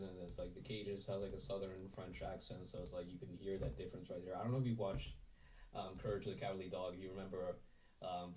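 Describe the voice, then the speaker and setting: A man's voice: low voice, dark tone, far from the mic, a little hiss or hum, low-quality recording. A man chatting casually on a video call, rambling on and often repeating "right there". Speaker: voice-acting community member.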